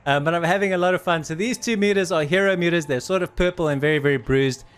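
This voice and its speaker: A man casting a video game match with animated commentary, urging the players on and out of breath. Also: fairly high pitch, fast talker, smooth. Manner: animated, urges players on, laughs in disbelief. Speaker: game caster. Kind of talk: excited esports commentary.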